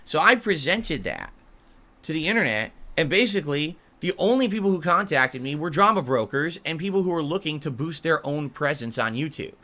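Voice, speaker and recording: A man's voice: a little high, animated, fairly quick, pushed and bright. A man speaking in a documentary interview, sounding aggrieved and defensive about how he is treated online. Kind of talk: interview clip played on stream.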